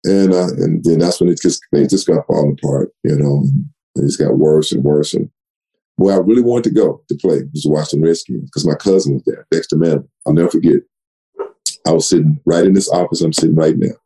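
In a rumbling low, gravelly voice and at a brisk pace, a retired running back tells stories during an interview from his home office. He's an animated storyteller who repeats words and acts out old conversations as quoted dialogue, all in conversational style. The recording quality is low.

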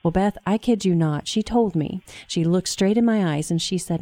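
A middle-aged woman hosts a conversational faith show and tells stories with earnest feeling. Her voice sits a little low and sounds mellow and warm in tone. The sound is dry and close, with no room around it. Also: normal speed, no room sound. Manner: earnest, emotional storyteller. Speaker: host. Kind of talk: casual chat, storytelling.

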